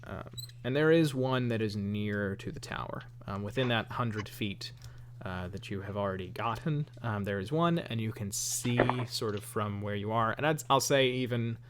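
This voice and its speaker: A man with a lowish voice runs a tabletop game, describing the scene in a relaxed, halting way with plenty of ums. A faint hum sits under the recording. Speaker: game master.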